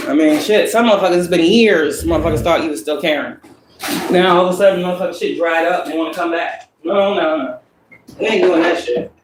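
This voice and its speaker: A woman's voice: fairly low pitch, a little fast, background noise. Woman doing a tarot reading, blunt and swears a lot, preachy, lots of questions at the viewer, roomy echo. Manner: asks the listener many rhetorical questions. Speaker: spiritual reader.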